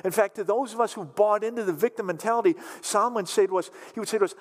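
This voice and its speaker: Emphatic preacher in a reverberant hall. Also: male voice, high-pitched. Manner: emphatic, repeats phrases, shifts between quick and slow drawn-out words. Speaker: pastor. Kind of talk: sermon. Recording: long reverb of a large hall.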